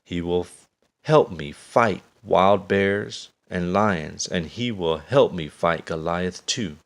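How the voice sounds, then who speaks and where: A man's voice: low voice, takes it slowly, creaky, full character voice. A man doing a brave, earnest shepherd boy. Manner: earnest, determined.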